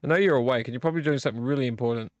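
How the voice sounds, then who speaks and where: A man's voice: medium pitch, racing, dry recording, lo-fi sound. A man hosting a late-night live video stream, rambling and teasing a viewer by name while a little tipsy from drinking. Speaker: vlog host.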